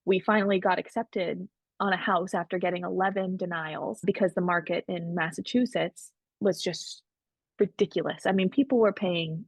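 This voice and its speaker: A woman's voice: on the low side, normal speed, gravelly, slightly rough, dry recording. A woman guest on a podcast, telling her story candidly and animatedly, acting out what others said. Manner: candid, animated, quotes others in shifting voices. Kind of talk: casual storytelling.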